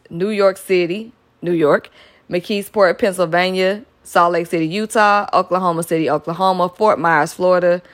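A young woman hosting her own podcast, chatting upbeat shout-outs to listeners. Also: lowish voice. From Metro Atlanta, US South. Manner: chatty and upbeat, with frequent "y'all" and laughs. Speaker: podcast host.

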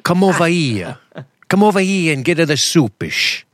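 Casting: man putting on a pushy Portuguese immigrant mechanic, broken English, insistent, a touch higher than normal, very dry sound. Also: very animated, moderate pace, dry recording. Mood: coaxing.

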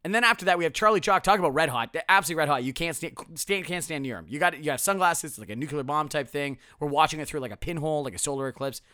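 Fast, lively male podcast host, sarcastic, bright voice, dry close mic. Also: on the high side, dry recording. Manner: sarcastic, self-mocking, animated. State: strained voice. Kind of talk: casual solo podcast.

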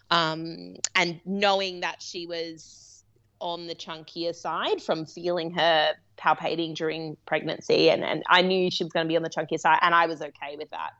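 Low-voiced woman telling a candid story. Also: vocal fry, fairly bright tone, muffled recording. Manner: candid and rambling, laughing often. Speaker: interview guest; midwife. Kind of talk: personal storytelling in a remote interview. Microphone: remote call.

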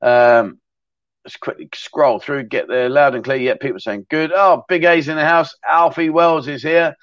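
Chatty host, fairly high voice. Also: male voice, fairly even intonation, moderate pace, fairly bright tone, dry recording. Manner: chatty, rambling, laughs easily. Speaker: livestream host. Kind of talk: casual livestream chat reading viewer comments. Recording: dull, dry sound.

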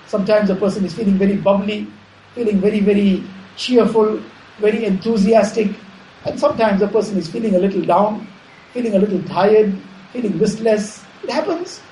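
A man giving a measured Islamic sermon, repeating phrases and explaining Arabic terms. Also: sits high, warm tone, slight background noise. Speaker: Islamic preacher. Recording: echoey room, faint ambience.

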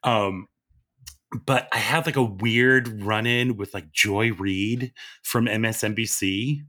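A middle-aged man chatting casually as a podcast host, an animated storyteller who acts out quotes with big jumps in his voice. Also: lowish voice, slow pace. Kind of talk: casual chat.

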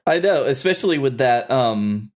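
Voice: medium pitch, lively intonation, normal speed. An interviewer chatting casually, asking curious questions and laughing along. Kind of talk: casual podcast chat.

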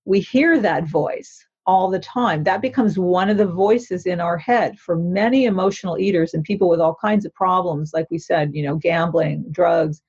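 Woman, therapist, husky, instructive, earnest, muffled recording. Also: lowish voice, normal speed, hardly any pauses, a little mellow. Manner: earnest, instructive, often checks in with okay. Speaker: therapist author. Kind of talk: explaining in an interview.

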